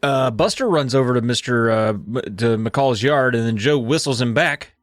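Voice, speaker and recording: A man's voice: medium pitch, normal speed, no room sound, studio quality. A man co-hosting a comedy podcast, rambling through a story recap, losing his place and laughing at his own jokes. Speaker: podcast co-host retelling a book. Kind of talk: casual comedic chat.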